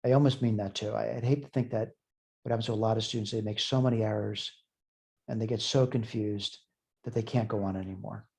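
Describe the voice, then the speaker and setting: A man's voice: lowish voice, fairly even intonation, fairly quick, vocal fry, a little mellow. A man teaching a college math lesson, thinking aloud as he works through problems in a chatty, self-deprecating way. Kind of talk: recorded math lecture.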